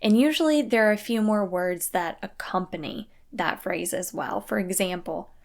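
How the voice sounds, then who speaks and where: A young woman hosting a parenting podcast, talking calmly and earnestly in a scripted solo talk. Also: mid-range voice, normal speed, gravelly. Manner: calm, earnest, acts out quoted phrases.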